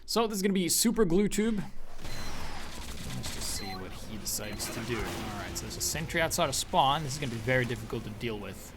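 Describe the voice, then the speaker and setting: A man commentating over video game footage, excitable and profane, often breaking into shouts and laughter. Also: mid-range voice, fairly quick, music in the background. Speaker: gaming commentator.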